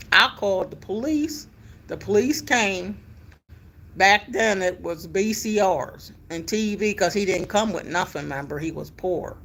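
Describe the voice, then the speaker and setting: A middle-aged woman, telling a personal story in a casual, animated way with emphatic exclamations. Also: medium pitch. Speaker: vlogger telling her life story.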